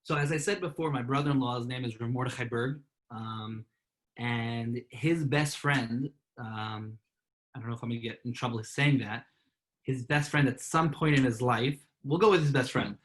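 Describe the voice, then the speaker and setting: A man being interviewed about his life, talking earnestly and warmly, often repeating and restarting words. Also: medium pitch, normal speed, rough recording. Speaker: guest, part-time professional clown. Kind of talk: earnest conversational storytelling.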